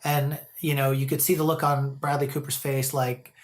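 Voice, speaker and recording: A man's voice: medium pitch, normal speed. A man giving a casual, rambling movie review, full of fillers and restarts, who acts out the characters' lines as he retells scenes. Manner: animated storytelling, quoting characters. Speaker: film reviewer.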